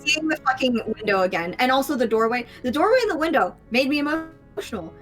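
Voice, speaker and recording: A woman's voice: high voice, sing-song, fast, soft background music. A woman co-playing on a stream, chatting in a giddy, laughing way. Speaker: stream co-player. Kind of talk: casual chat.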